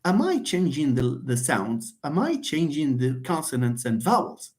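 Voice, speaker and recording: Lively-pitched man lecturing on phonetics. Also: a little slow. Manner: repeats points, asks and answers own questions; addresses viewers as friends, greets them by name. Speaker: linguistics lecturer. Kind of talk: live online lecture.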